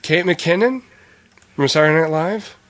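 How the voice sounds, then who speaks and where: A man's voice: fairly high pitch, moderate pace, fairly bright tone. A man co-hosting a casual podcast chat, easygoing and frank with his opinions. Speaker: podcast co-host.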